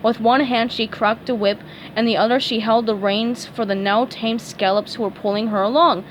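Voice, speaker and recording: Lady reading a fan story out loud, slightly high voice, faint hiss behind. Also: fairly even intonation, rough recording. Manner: slow, careful reading with small stumbles. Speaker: fan fiction reader. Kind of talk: storybook read-aloud narration.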